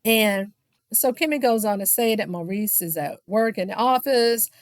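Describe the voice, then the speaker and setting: A woman with a fairly high voice gives a casual, gossipy reality-show recap. She is sassy and throws shade in her asides. Her voice sounds dry and close, with no room echo. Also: lively intonation, moderate pace. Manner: sassy, shady asides, keeps saying "child"; mimics the people she quotes.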